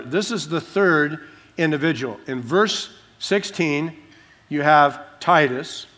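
A man's voice: fairly high pitch, a bit bright. A man preaching a sermon, working through a Bible passage verse by verse and repeating phrases for stress, in a church sanctuary. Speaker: pastor.

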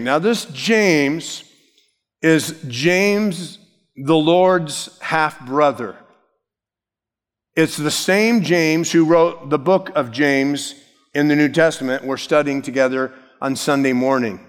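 A man's voice: a little high, slow pace, long reverb tail. A man preaching an expository sermon as pastor, emphatic, stressing key words and shifting his pace.

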